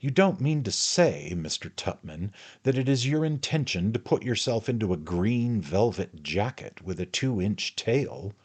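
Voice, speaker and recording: A man voicing a stout, spectacled older gentleman who speaks in a formal, stately and indignant manner. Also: on the low side, expressive, a little slow, few pauses, breathy edge, voice pushed up. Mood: stern.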